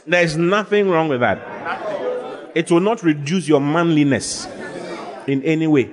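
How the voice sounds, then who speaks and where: A male pastor preaching a humorous sermon, animated, joking and laughing as he talks. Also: fairly high pitch, a little slow, a crowd in the background. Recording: live with congregation heard.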